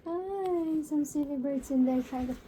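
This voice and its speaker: A woman's voice: high voice, unhurried, mellow, slight background noise, poor audio. A woman with a Filipino accent, talking baby talk to her pet birds in a cooing, sing-song way.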